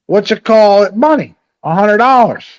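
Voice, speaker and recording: A man's voice: sits high, expressive, moderate pace, highs cut off, pitched above the performer's own voice. A man mimicking his older half sister, making her whiny and pleading as she asks him for money. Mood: wheedling.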